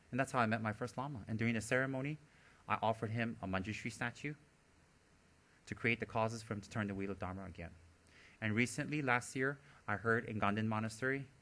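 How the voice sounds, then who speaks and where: A man, a Buddhist teacher, giving a dharma talk as animated storytelling, often laughing and teasing his listeners. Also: fairly low pitch.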